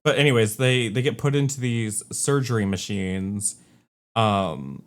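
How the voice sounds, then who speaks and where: A man's voice: fairly low pitch, measured pace. Laid-back man recapping a movie. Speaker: podcast co-host. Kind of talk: casual movie review chat.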